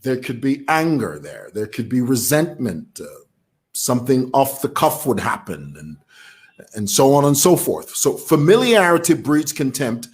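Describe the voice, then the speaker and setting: Animated Zambian man vlogging. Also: mid-range voice, measured pace. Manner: animated, laughs while talking. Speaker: vlogger commentator. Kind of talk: casual talk to camera.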